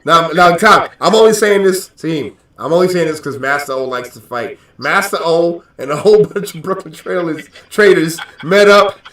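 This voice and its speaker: A man hosting a trading show, joking and teasing in a lively, animated way, repeating himself as he talks. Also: fairly high pitch, moderate pace, few pauses, roomy sound, far from the mic. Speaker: host of a stock trading show. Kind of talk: casual joking livestream banter.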